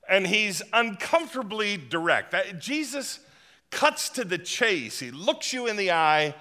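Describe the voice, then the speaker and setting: Animated, bright-voiced male preacher. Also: fairly high pitch, long reverb tail. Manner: lively, humorous and emphatic preaching. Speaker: pastor. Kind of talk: sermon.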